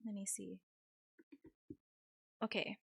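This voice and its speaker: A woman's voice: mid-range voice, flat delivery, slow, gravelly, husky, no room sound. Chatty young woman streamer, dry sound. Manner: rambling, filler-heavy, laughs often. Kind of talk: casual chat with stream viewers.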